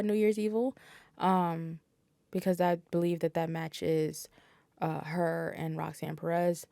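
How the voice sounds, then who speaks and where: A woman's voice: on the low side, dry recording, studio quality. A woman guest on a podcast, talking casually and bluntly, swearing freely and dropping fillers. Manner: blunt and profane, with frequent fillers.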